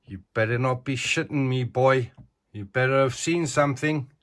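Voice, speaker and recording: A man's voice: mid-range voice, normal speed, lightly acted. A man doing a barking army sergeant. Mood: menacing. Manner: shouting orders.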